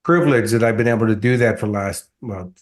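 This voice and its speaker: A middle-aged man, a motivational coach, telling stories in a relaxed interview and acting out the voices of people he quotes. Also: fairly low pitch, quick pace. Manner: animated storyteller acting out quotes. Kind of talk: conversational storytelling interview.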